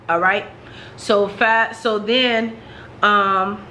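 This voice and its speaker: A woman's voice: medium pitch, slow pace, pushed and bright, a little hiss or hum, low-quality recording. A woman vlogger telling a personal story in a frank, chatty way, talking straight to her viewers.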